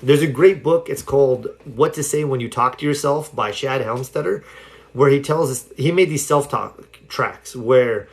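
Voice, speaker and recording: A man's voice: mid-range voice, normal speed. A man giving a casual self-help talk on a livestream, telling stories loosely with lots of "like" and "you know". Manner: rambling storytelling with many fillers. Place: home livestream.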